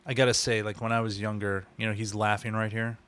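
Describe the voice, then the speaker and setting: A man's voice: fairly low pitch, flat delivery, fast talker, fairly bright tone, smooth. A man co-hosting a casual movie commentary, chatty and musing, often trailing off mid-thought. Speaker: podcast co-host.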